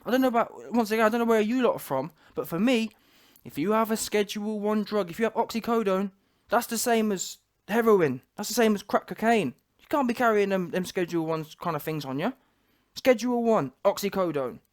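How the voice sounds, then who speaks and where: Emphatic man, high voice. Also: lively intonation, brisk. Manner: emphatic, repeats rhetorical questions. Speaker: commentary channel host. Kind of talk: talking-head commentary.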